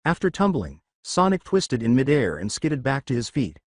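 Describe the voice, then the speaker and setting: A man narrating a fan fiction story, reading at an even storytelling pace. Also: mid-range voice, normal speed, no echo, studio quality.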